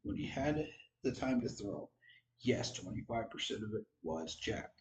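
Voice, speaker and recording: Against a noisy background, a man with a lowish voice swings widely in pitch at a moderate pace. A sports fan vlogger, he is tired and yawning as he rambles through frank football talk on his channel, joking at his own expense.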